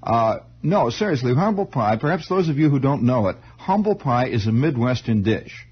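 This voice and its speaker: Husky-voiced man spinning a rambling radio yarn. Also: medium pitch, moderate pace. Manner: digressive, animated, self-interrupting with stammered restarts. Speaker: radio host. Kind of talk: rambling storytelling monologue. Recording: muffled 1960s radio broadcast.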